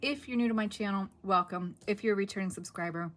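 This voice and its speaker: A woman's voice: medium pitch, fast, hardly any pauses, a bit bright, a little hiss or hum. Casting: middle-aged woman, craft vlog host, chatty and rambling, cough drop in mouth, mid-range voice. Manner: rambling, chatty, self-correcting. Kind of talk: casual chat to camera.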